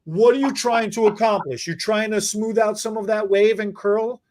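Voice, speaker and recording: A podcast host in casual chat, joking and rambling, often restarting sentences. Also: normal speed. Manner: animated, joking, rambling with restarts and repeated words; mock infomercial pitch. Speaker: podcast host and stylist educator.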